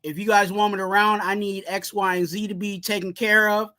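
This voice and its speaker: A man co-hosting a fan podcast, ranting heatedly and shouting about his team's coaching. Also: sits high, little pitch movement, a little fast. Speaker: podcast co-host. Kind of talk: heated sports fan rant.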